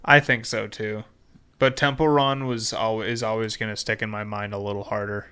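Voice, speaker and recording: A man's voice: lowish voice, level tone, normal speed, pushed and bright, clean tone. A young adult man co-hosting a casual podcast chat, talking in a loose, profane, emphatic way. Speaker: podcast co-host.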